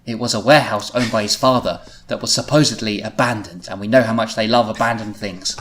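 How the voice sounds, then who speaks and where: A man's voice: on the low side, steady tone, brisk, a bit bright, slight background noise. A man hosting a comedic podcast, reading his old teenage writing aloud and often giggling at it. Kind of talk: comedic podcast read-through.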